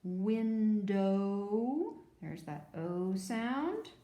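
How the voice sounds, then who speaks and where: A woman teacher giving a phonics lesson to young children, sounding out words slowly and patiently. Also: medium pitch, expressive, creaky, roomy sound.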